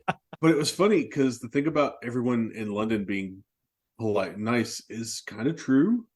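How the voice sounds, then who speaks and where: A man's voice: mid-range voice, lively intonation, normal speed, darkish tone, breathy edge. A man co-hosting a film podcast, telling long rambling anecdotes in casual chat and laughing at himself. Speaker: podcast co-host.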